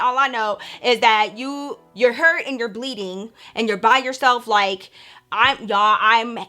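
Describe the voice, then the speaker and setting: A young woman casually telling a spooky personal story to her viewers, animated and acting out the voices of the people in it. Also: fairly high pitch. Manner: animated, acts out quoted voices, addresses viewers as y'all. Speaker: storytime vlogger.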